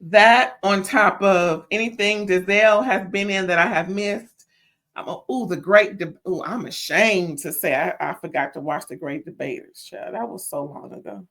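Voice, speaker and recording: A woman hosting a casual reality TV review, sassy and animated, calling listeners "child" and stammering when riled up. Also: mid-range voice, moderate pace. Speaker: reality TV recap host.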